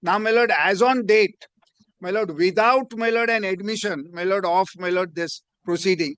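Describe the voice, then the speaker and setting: High-voiced advocate. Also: male voice, normal speed, a bit bright, clean tone, dry recording. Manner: deferential, peppers every phrase with "my lord". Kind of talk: formal courtroom argument. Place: courtroom.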